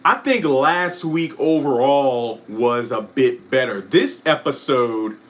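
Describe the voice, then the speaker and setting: A man hosting a casual live stream who chats about a TV finale, answers viewer comments, and often breaks off with quick asides and apologies. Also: mid-range voice. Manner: chatty, self-interrupting, apologetic asides. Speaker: YouTube live stream host.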